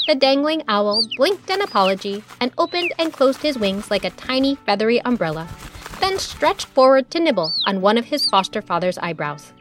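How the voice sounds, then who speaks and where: Woman reading a kids story, really expressive, music in the background. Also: a little high, moderate pace. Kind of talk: scripted children's story narration.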